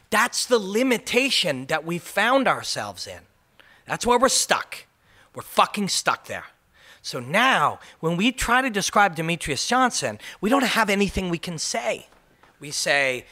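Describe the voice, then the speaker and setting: A man's voice: fairly high pitch, big pitch swings, normal speed, sharp tone. A man hosting a ranting MMA commentary video, passionate and emphatic, swearing for punch.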